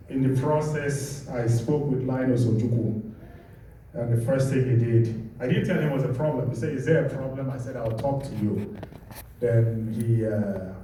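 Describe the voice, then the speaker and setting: A man from Nigeria speaking with a Nigerian accent, somewhere in his late fifties, recounting his own story. His voice is very dark and mellow, and he takes his time, letting each phrase land slowly. He sounds set back from the mic in a very roomy space with a faint hiss. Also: mid-range voice. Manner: measured, deliberate storytelling. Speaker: speaker giving a personal testimony. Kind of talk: storytelling testimony. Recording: echoey room, distant mic.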